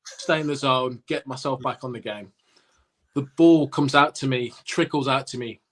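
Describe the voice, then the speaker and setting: Man telling a lively cricket story. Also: mid-range voice, normal speed. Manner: animated anecdote-telling with acted-out quotes. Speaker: podcast co-host, former cricketer. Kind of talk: casual storytelling.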